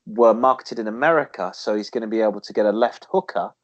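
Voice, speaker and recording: A man's voice: fairly low pitch, fast talker, highs cut off. A man co-hosting a casual car chat show from a home studio, rambling and joking, now and then putting on silly voices. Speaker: co-host.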